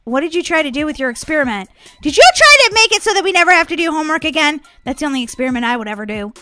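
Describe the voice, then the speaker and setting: A woman hosting a family role-play game video, bratty, teasing and quick to shout. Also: high voice, expressive. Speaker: gaming channel host playing Molly.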